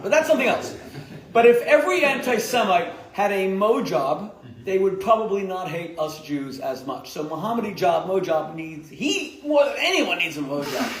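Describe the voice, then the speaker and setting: Jokey rabbi in an echoey hall. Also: male voice, high voice. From United States. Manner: emphatic and jokey, mocking nicknames, laughing at his own jokes. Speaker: rabbi giving a lecture. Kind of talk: live lecture to a community audience. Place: lecture hall.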